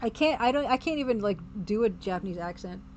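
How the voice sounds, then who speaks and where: A woman's voice: mid-range voice, lively intonation, fast, a little mellow, a little hiss or hum. A woman streaming a let's play on a desk microphone, chatty and amused, thinking aloud as she plays.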